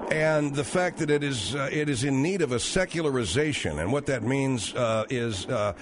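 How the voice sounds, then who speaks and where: Brisk male radio host. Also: mid-range voice, background noise. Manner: brisk, steering the call. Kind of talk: talk radio hosting.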